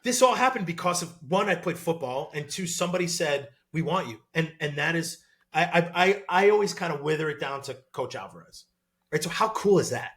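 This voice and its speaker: Animated guy in his 30s chatting on a podcast, fast stories, lots of "like" and "dude", a bit higher voice. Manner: animated, excitable storytelling with many fillers. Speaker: podcast guest, former college football player. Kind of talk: casual podcast interview.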